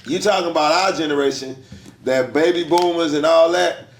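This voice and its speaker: A middle-aged man gives his views on a podcast, blunt and laid-back, with plenty of slang. His voice is a bit high. The recording has a roomy echo. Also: a little fast. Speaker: podcast co-host. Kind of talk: casual conversation.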